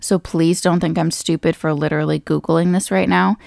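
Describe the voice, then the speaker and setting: Chatty young woman, low with some fry. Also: little pitch movement, moderate pace, a little mellow, no echo, studio quality. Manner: chatty, self-deprecating, thinks aloud. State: pregnant. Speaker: vlogger. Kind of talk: casual chat.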